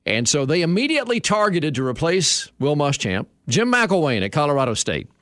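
A man hosting a sports talk radio show, telling stories in a lively way. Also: a little high, fairly quick, dry recording, clean studio sound. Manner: lively storytelling, chuckling.

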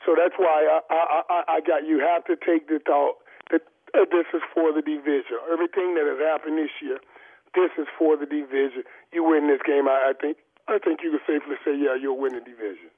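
A man calls in to analyze football on a tinny, phone-like line, his voice sitting a little high. He talks emphatically, repeating and restarting his phrases, and he has the hiccups. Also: steady tone, brisk. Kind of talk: sports talk on the phone.

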